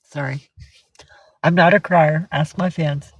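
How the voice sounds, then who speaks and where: A teary woman chatting casually with viewers on a livestream from home, cooing softly in baby talk to her cat. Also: low-pitched, fairly even intonation, slow, husky, no echo, highs cut off.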